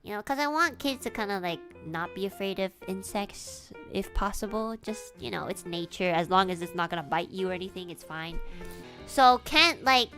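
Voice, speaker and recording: A young woman streamer telling a casual story in an animated way, giggling often and swearing casually. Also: medium pitch, moderate pace, soft background music.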